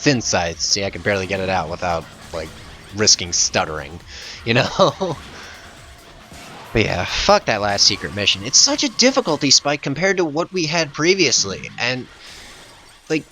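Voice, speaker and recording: A man's voice: mid-range voice, bright, forceful tone. A man hosting a gaming channel, giving voice-over commentary on gameplay in a profane, exasperated rant.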